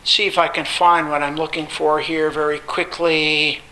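A man teaching a Bible study lecture, stressing points with repetition and pausing often on filler sounds. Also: on the high side, level tone, bright, forceful tone, low-quality recording.

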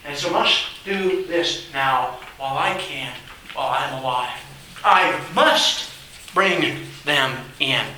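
A man's voice: on the high side, slow, bright, forceful tone, recorded from a distance, a little hiss or hum. A man preaching a sermon, emphatic and repetitive, reading scripture aloud in a church hall. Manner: emphatic, repeats phrases, reads scripture aloud. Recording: very echoey room, voice off-mic.

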